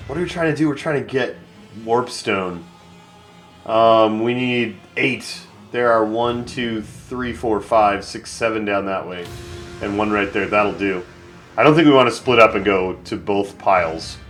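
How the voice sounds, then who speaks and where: A man's voice: on the low side, unhurried, a bit bright, soft background music. A man streaming a video game, chatting casually and thinking aloud with lots of fillers. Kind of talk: casual live gameplay commentary.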